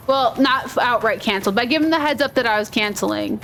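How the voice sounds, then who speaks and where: A gaming video host from Minnesota, USA, with a Minnesotan accent, chats casually over gameplay in a rambling, playful way. Her voice is fairly high and fairly bright, she talks quickly, and there's a little hiss or hum in the recording.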